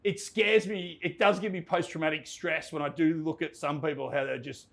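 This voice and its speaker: A man's voice: on the high side, fairly even intonation, moderate pace, gravelly. An Australian man, an entertainment reporter, telling anecdotes in casual chat, laughing and restarting his sentences as he goes. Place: pub.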